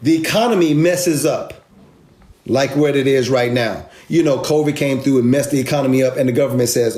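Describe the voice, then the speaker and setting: A man's voice: mid-range voice, fairly quick, a little mellow. A man giving an emphatic, sarcastic, street-casual money rant with lots of repetition, recorded in an echoey room. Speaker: finance video host. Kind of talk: animated explainer rant.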